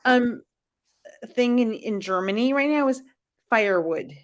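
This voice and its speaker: An American woman co-hosting a podcast, chatting excitedly and filling her talk with "like" and "um". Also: fairly high pitch, a little slow. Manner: excitable, lots of "like" and "um". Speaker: podcast co-host. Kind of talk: casual chat.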